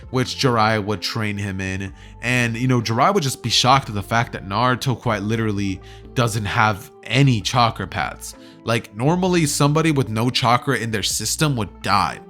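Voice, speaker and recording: A young man rambles through a fan story in a loose, chatty way, stacking "like" and "you know" as he goes. His voice sits at an ordinary middle pitch. Soft music plays quietly behind him. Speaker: YouTuber. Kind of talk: casual retelling of a fan story.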